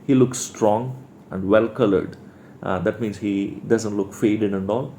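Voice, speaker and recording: A man's voice: mid-range voice, dark tone, slight background noise. A male teacher with an Indian English accent explaining a play line by line, restating words for his class.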